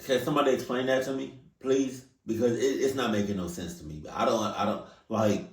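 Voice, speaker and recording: A man hosting a reaction video, talking in a casual, animated way, stammering and repeating himself. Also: medium pitch, a little fast. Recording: echoey room, mic at a distance.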